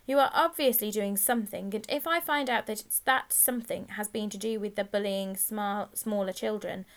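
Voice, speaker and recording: A woman's voice: medium pitch, moderate pace, close to an everyday voice. Woman voicing a stern schoolteacher. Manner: stern, teacherly, correcting. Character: stern male schoolteacher, cold and sarcastic. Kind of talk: audiobook character voice.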